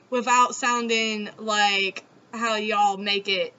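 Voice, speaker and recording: Speaking extremely slowly with fairly even intonation, this woman has a medium-pitched, sharp-toned voice and a Southern accent from the Southeastern US. As host of a casual chat, she's talkative, giggly and free with swear words, and the audio sounds dull and lo-fi.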